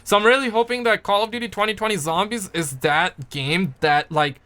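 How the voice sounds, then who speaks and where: A young man from Pakistan chatting casually on a gaming news livestream, deliberately swinging his voice up and down as he answers chat. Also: high-pitched. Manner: animated, shifts his voice up and down on purpose.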